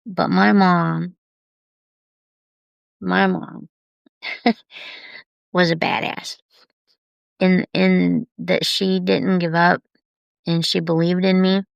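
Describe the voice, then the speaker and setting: A woman talking openly and tenderly on a live video about heavy times, unhurried and confiding. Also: fairly low pitch, little pitch movement, gravelly, no room sound, dull audio. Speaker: artist sharing on a live video. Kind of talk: candid personal live stream.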